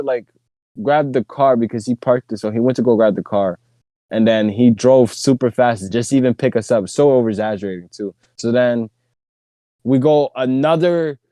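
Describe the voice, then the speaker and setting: A young man telling a story on a podcast, casual, slangy and animated, often laughing. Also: mid-range voice, no room sound, clean studio sound. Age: young adult. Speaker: podcast host.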